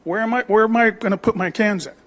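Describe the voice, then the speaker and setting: A middle-aged man with a high-pitched voice complains to a city council. He speaks plainly and with rising grievance, asking pointed questions. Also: fast talker, a bit bright. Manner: aggrieved, plain-spoken. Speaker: homeowner at public comment. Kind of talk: city council public comment.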